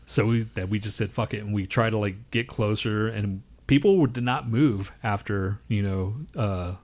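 A man's voice: fairly low pitch, normal speed, a little mellow. A man co-hosting a casual podcast chat, ranting, swearing constantly and laughing often. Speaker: podcast co-host.

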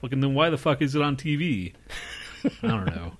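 A man's voice: mid-range voice, sing-song, fairly quick. A man co-hosting a podcast, rambling through crude casual banter, swearing freely and laughing often. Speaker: podcast co-host.

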